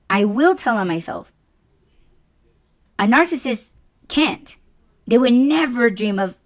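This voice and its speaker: Blunt, swearing woman podcaster. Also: medium pitch. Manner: blunt, swears freely, frank; conversational, with fillers like "like" and "you know". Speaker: podcast host. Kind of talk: casual solo podcast monologue.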